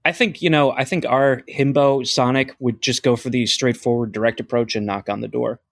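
A man's voice: mid-range voice, fairly even intonation, brisk, vocal fry, dry recording, studio quality. A man co-hosting a podcast, making wry jokes. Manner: wry, joking. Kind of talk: casual podcast chat.

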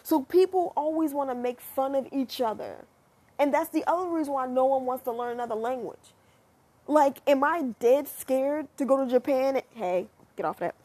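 A young American woman talking casually to her viewers, chatty and animated, swearing freely as she muses. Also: high-pitched, moderate pace. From United States. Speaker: vlogger. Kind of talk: casual monologue to camera.

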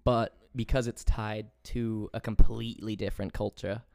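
A young Englishman talks casually on a podcast, swearing freely and laughing easily. His voice is lowish and smooth. The sound is dry and close. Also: flat delivery, normal speed, a little mellow, no echo. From England. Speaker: podcast host. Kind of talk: casual chat.

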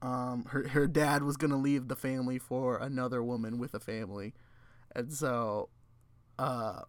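A man's voice: medium pitch, steady tone, moderate pace, no echo. A man co-hosting a casual movie recap chat, rambling and laughing in exasperation. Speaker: podcast co-host.

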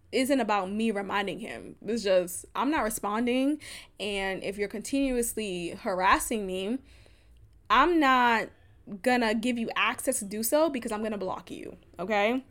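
A woman's voice: fairly high pitch, fairly bright tone. A young adult woman hosting a podcast, talking candidly in a casual monologue, laughing often and swearing freely. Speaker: podcast host.

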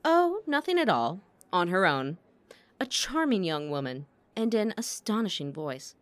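A woman's voice: fairly low pitch, big pitch swings, measured pace, no echo. A woman voicing a sly, gossipy male opera manager who needles his rival with false innocence.

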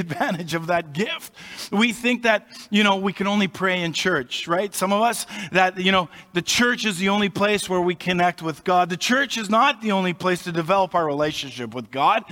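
A man preaching from the pulpit, his slightly higher-than-average voice carrying through a long hall reverb. He explains things in a conversational way and pauses for emphasis between phrases. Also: bright, forceful tone. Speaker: pastor. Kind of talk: sermon.

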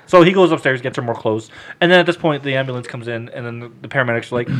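A man on a casual podcast, telling a story with lots of swearing and loud acted-out quotes. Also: medium pitch, fast.

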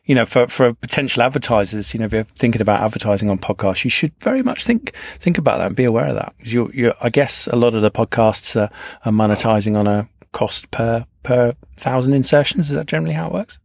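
Gravelly man hosting an interview. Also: medium pitch, expressive, quick pace, darkish tone, no room sound. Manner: thoughtful, hesitant restarts. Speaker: interviewer host. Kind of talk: conversational interview.

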